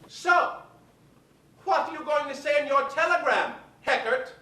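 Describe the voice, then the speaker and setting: A man doing a haughty older film-star diva, shrill and shouting. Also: measured pace, full character voice. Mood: imperious, scornful. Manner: cutting, mocking, loud. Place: live theater stage. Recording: echoey theater from far off.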